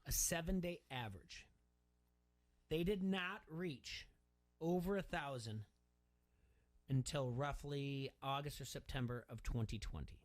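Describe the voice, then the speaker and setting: A male radio host who talks in a rambling, emphatic way and often repeats words. His voice sits at an ordinary middle pitch. He holds the floor in a loose talk-show back-and-forth. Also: measured pace, long pauses.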